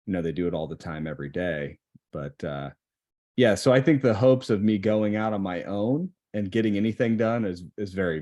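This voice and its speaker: A man's voice: deep voice, a little mellow. A man guest on a podcast, talking casually in a rambling, hesitant way with many fillers.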